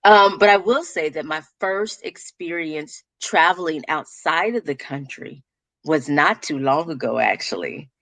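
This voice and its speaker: A woman's voice: low voice, a little slow, no echo. A woman with a Texas accent, talking about her business as a guest in a casual interview, telling stories with lots of laughter. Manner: animated storyteller, laughs often.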